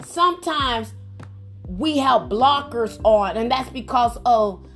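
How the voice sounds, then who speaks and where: A woman's voice: on the high side, expressive, takes it slowly, fairly bright tone, faint music behind. A woman minister preaching fervently on a prayer line, exclaiming often and repeating phrases for emphasis. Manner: calls on listeners by name for responses. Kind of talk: preaching sermon.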